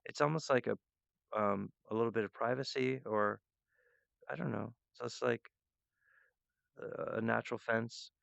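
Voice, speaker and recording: A man rambling earnestly and emotionally to his viewers, halting often with restarts and fillers. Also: medium pitch, gravelly, a bit bright, no room sound, highs cut off. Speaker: artist addressing viewers. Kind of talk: rambling direct-to-camera monologue.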